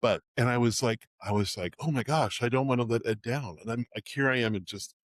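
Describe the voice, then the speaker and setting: A middle-aged man from the Bay Area who plays Santa, telling stories in a casual fireside chat, halting and emotional, with many restarts. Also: medium pitch, dry recording. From Bay Area, California. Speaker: Santa performer, host.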